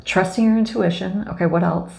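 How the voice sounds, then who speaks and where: A woman's voice: lowish voice, steady tone, brisk, gravelly, mellow. A woman giving a casual oracle card reading, effusive and gushing, with many fillers. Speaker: spiritual card reader.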